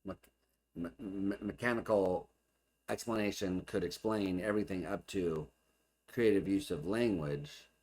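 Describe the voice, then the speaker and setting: Deep-voiced man reacting casually. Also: measured pace, darkish tone. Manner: muses aloud, questioning and puzzling over points. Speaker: host reacting to an archive video. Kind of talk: casual thinking-aloud reaction.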